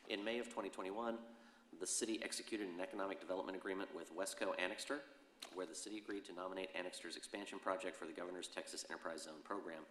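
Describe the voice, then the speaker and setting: A man acting as mayor, chairing a city council meeting in a brisk, procedural way and reading the rules aloud. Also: sits low, fairly even intonation, fairly bright tone, a little hiss or hum. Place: council chamber. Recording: roomy chamber with long reverb.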